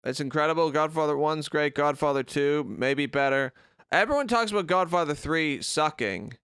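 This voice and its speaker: Brief: high, clean-toned male podcast co-host, blunt and sweary, dry close sound. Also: animated, normal speed, a bit bright, clear, resonant tone, no echo. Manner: opinionated, profane ranting. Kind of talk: casual chat. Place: remote recording.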